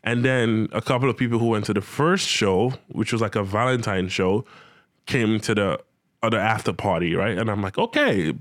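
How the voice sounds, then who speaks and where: Young male storyteller, low-voiced, slangy and animated, dry close sound. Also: moderate pace, no echo. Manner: animated, slangy, acts out his own reactions. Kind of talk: casual comic anecdote.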